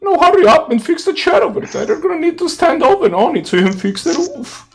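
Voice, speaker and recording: A man voicing a gruff older game character in a heavy, clumsy Russian-style accent that keeps drifting toward a mobster. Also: very high-pitched, sing-song, fast talker, soft background music, voice pushed up, full character voice. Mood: bossy.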